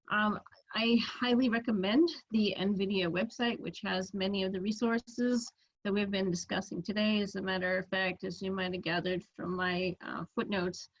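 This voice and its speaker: Husky, gravelly woman lecturing over a dull recording. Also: mid-range voice. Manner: measured explanatory, with "um" and "uh" fillers. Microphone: computer mic on a video call recording.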